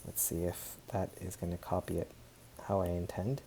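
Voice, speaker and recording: Math teacher, man, very dark mellow tone, talky, self-correcting, upbeat. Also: deep voice, fairly even intonation, moderate pace, slight background noise. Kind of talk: recorded tablet math lesson.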